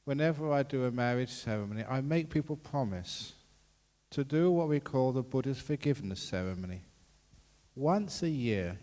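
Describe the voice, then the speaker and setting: A Buddhist monk giving a dharma talk, jovial and quick to laugh. His voice sits at an ordinary middle pitch. It carries a long reverb from the hall. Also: dark tone.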